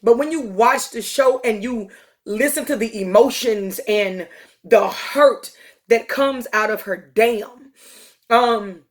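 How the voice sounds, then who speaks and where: A woman's voice: a little high, slow. A woman hosting a podcast, retelling a TV episode in a casual, conversational way with frequent ums and uhs. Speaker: podcast host. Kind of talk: casual storytelling monologue.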